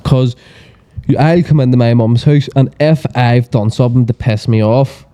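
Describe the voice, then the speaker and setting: Belfast man, guest on a chatty podcast; mellow, darkish tone, salty tongue, acts out the quotes. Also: medium pitch, moderate pace, clean tone. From Northern Ireland. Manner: animated storyteller, swears freely, acts out quotes. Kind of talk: casual chat.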